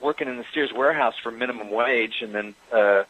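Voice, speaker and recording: A man interviewed about his acting career, telling stories in a hesitant, self-deprecating way with lots of pauses. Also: medium pitch, phone-quality sound, noisy background. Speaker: actor recalling a career. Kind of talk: casual interview anecdote.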